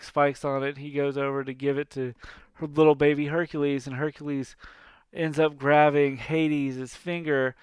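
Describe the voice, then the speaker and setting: Man in his 30s, podcast host, casual rambling retelling, slow, very clear close dry voice. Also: a little high, no echo. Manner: rambling, self-correcting.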